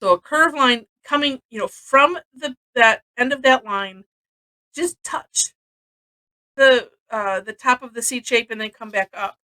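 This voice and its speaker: Missouri lady walking folks thru a drawing live, talky, laughs a lot, kinda high bright voice. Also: unhurried, low-quality recording. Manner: chatty and rambling, laughs often. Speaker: drawing teacher. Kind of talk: live-streamed drawing lesson.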